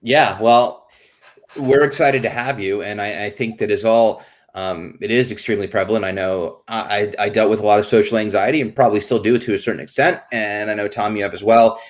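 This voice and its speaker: A man hosting a casual live stream, chatty and greeting viewers, often stumbling and restarting his words. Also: fairly low pitch. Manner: reads off viewer names and disclaimers quickly. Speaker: host.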